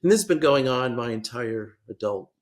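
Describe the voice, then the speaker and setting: An older man speaking as a policy expert guest in a podcast interview, measured and hesitant with frequent restarts. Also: medium pitch, animated.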